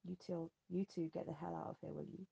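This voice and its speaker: A man's voice: on the high side, little pitch movement, fairly quick, vocal fry, dark tone, husky, dull audio, heavily acted. A narrator voicing a tense, weary grown man who speaks bluntly and curtly in an audiobook. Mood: grim. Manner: blunt and curt.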